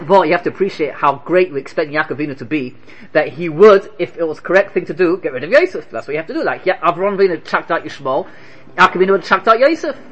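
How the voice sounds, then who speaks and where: A man giving an animated Torah lecture, firing rhetorical questions and telling stories. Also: high voice. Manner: animated, rhetorical questions, Hebrew terms woven in. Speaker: Torah teacher.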